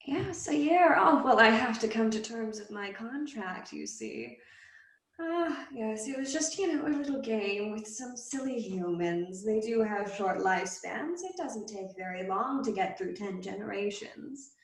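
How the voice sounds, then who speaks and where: A woman's voice: fairly high pitch, very animated, echoey room, voice pushed up. A woman voicing a sly, winged female demon who teases and mocks in a tabletop game. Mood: mocking. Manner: teasing, mocking, drawn-out.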